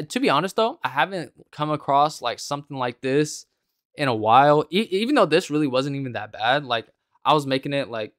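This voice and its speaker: A man's voice: mid-range voice, fairly bright tone, smooth, no echo, clean studio sound. A man giving casual, exasperated gameplay commentary on a card game, slangy and calling everyone bro.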